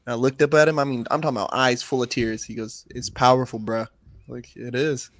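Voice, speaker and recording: A man's voice: mid-range voice, quick pace, no room sound. A man co-hosting a podcast, telling rambling, heartfelt stories in casual chat with lots of swearing. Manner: profane, rambling, heartfelt storytelling. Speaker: podcast co-host.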